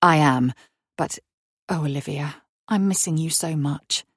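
Woman voicing a tender young man, low and dry. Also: measured pace, slightly rough, no room sound. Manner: soft, reassuring, affectionate. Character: tender young German-born man, devoted lover.

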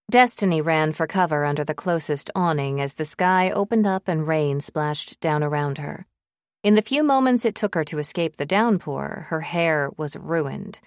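A woman narrating an audiobook in a measured, even storytelling manner on a close studio mic. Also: sits low, no echo. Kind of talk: scripted narration.

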